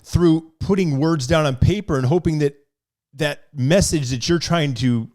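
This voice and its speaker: A man's voice: fairly high pitch, a little slow, a little mellow. Man asking thoughtful podcast questions. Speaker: podcast co-host and author. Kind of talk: casual podcast conversation.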